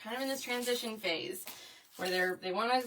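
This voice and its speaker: Woman, 30s, craft host; bright, higher voice, mic at a distance. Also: fairly quick, slight background noise. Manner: chatty, addresses viewers as y'all, frequent "okay?". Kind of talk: chatty storytelling while crafting. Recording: voice a bit far from the mic.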